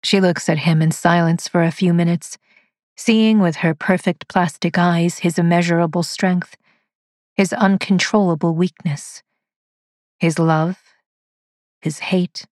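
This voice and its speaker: Woman narrator, low and unhurried, dry studio read, measured delivery. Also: fairly even intonation, a little mellow, dry recording. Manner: measured and deliberate. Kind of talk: scripted story narration.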